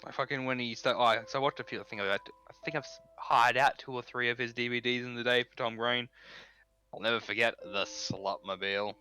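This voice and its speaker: Bright-voiced male gamer, laid-back and profane, faint music under him. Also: mid-range voice, steady tone, a little fast. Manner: swears freely, laid-back banter. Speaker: let's play co-host. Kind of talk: casual chat over gameplay.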